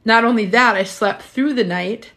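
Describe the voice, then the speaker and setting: Frank, animated woman in her fifties. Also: a little high, normal speed. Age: 50s. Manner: frank and animated, swears freely. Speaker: menopause health coach. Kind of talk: casual live-stream chat. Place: her home. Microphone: phone.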